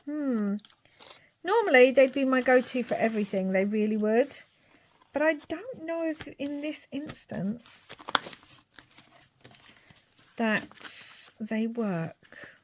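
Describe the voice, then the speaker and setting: A woman's voice: on the high side, lively intonation, slow, pauses often, slight background noise. A middle-aged woman chatting and thinking aloud as she works on a craft project. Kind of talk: crafting vlog commentary.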